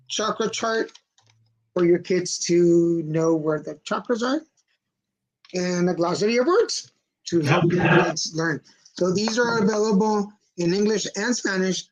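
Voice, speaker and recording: A man co-hosting a casual talk show livestream, easygoing and slowing down to spell out details. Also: high voice, low-quality recording. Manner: easygoing, slows down when promoting. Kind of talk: casual chat. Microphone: livestream setup.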